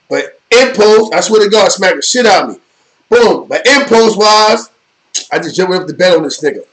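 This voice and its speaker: High-voiced profane New storyteller. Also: male voice, expressive, brisk, a bit bright, rough recording. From New York. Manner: rambling, profane street storytelling with repeated "you know what I mean". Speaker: live stream host. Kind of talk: casual storytelling.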